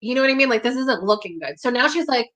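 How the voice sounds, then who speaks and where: A young woman telling a personal story at a community hall, emphatic and profane, acting out her own shouted lines. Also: fairly high pitch, animated, fast talker.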